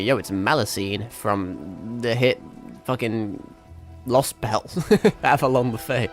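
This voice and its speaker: A man's voice: lowish voice, steady tone, takes it slowly, faint music behind. A man born in Britain, streaming a game, chatting in a rambling, sweary, self-mocking way. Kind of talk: casual gameplay commentary.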